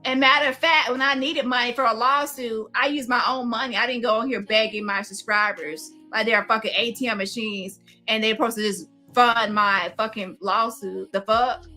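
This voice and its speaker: High, bright-voiced woman ranting. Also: steady tone, normal speed, few pauses, soft background music. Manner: profane, confrontational, calls out. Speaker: commentary host. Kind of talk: heated commentary rant.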